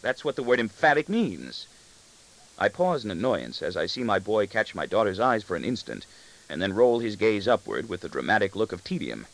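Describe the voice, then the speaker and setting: Creaky-voiced man reading a novel aloud. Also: low voice, poor audio. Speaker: audiobook narrator. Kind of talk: first-person literary narration.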